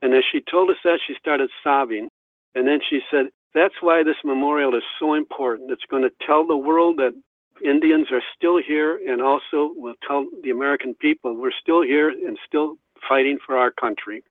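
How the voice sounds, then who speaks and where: A man's voice: medium pitch, normal speed, no echo. Male guest historian, anecdotal storyteller, phone-line sound. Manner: anecdotal, acts out quoted voices. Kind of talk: storytelling in an interview. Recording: dry tinny phone line.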